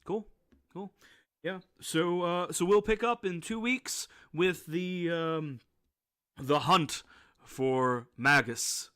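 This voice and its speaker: Slow, bright-voiced male game master. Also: on the high side, smooth. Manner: hesitant, many fillers. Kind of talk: casual chat after a tabletop game. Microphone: video call.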